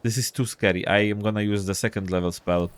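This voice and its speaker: A man's voice: fairly low pitch, steady tone, quick pace, slight background noise. A man casually thinking aloud and reading game text while playing a role-playing game. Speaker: gameplay streamer. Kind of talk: casual let's-play commentary.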